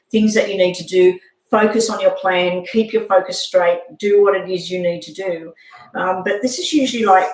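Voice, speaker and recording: Halting tarot reader in an echoey room. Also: medium pitch. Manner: halting, with frequent ums. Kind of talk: live tarot reading to a viewer.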